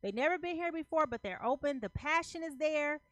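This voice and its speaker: Lady reading tarot, kinda high voice, says everything twice, slangy, dry close sound. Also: lively intonation, a little fast, dry recording. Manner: emphatic, repeats phrases, checks in with "okay?"; loose slangy talk. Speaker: tarot reader. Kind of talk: casual tarot reading to camera.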